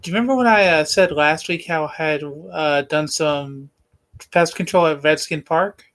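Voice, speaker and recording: A man co-hosting a casual sports podcast, explaining things in a relaxed way with fillers. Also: on the high side, moderate pace. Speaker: podcast co-host.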